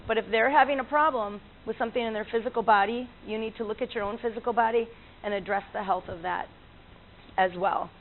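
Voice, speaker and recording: A woman's voice: fairly high pitch, quick pace. Woman, animal communicator, chatty storyteller, laughs often, phone-like lo-fi sound, faint hiss. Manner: chatty, laughs often, many fillers and restarts. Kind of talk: casual storytelling talk. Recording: tinny lo-fi line with faint noise.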